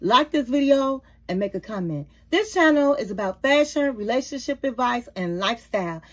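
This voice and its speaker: A YouTube reality-TV reviewer, this woman gives a casual recap and commentary on a reality show, chatting with her channel's viewers and calling them queens, honey and baby. Her voice is a little high, with lively intonation at a normal speed.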